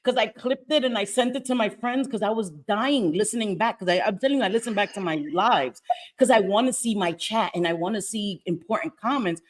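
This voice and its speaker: A brash woman hosting a livestream, talking in loose casual chat. She swears freely and keeps the talk animated, at an everyday middle pitch. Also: fairly quick. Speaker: livestream host. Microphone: streaming mic.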